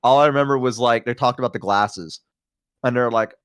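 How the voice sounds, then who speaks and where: A man's voice: mid-range voice, a little fast, clean tone, no room sound, studio quality. A man guest streamer in casual chat, rambling through stories and laughing often.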